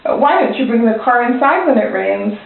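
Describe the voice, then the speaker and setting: A kindly big brown male bear from a storybook, helpful and a bit secretive, read aloud by a woman in a fairly high voice. The sound is thin and tinny, ringing around a very echoey room. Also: animated, brisk, creaky. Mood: friendly.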